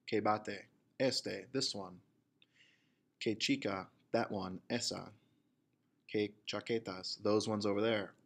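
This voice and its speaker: A man teaching a recorded grammar lesson, explaining slowly and reading example phrases aloud one by one. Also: lowish voice. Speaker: Spanish teacher.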